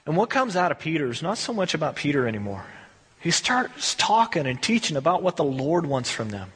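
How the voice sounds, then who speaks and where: A man with a fairly high, slightly husky voice preaches to his congregation. He talks in an easy, conversational way, stressing his points and asking rhetorical questions. The sound rings with a long reverb from a church hall. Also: big pitch swings, fairly quick, fairly bright tone. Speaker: pastor. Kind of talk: sermon.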